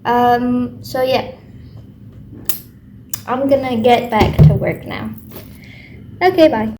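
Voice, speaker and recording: Tired late at night, a young student woman talks slowly in a casual video diary, rambling and self-talking with plenty of fillers. Her voice sits a little high, and the clip is very noisy.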